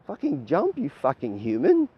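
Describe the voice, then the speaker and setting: A man's voice: on the high side, wildly swooping pitch, normal speed, husky, lo-fi sound. A man giving a rambling, preachy monologue as a self-styled spiritual leader. He swears freely and keeps asking "right?". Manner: profane, repeats "right?" often.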